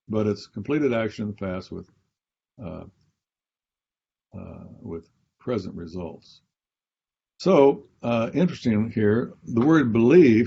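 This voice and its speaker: Low, husky man explaining grammar. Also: mellow, muffled recording. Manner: explains grammar step by step, professorial, repeats key phrases. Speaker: Bible scholar and professor. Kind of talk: teaching conversation on a podcast.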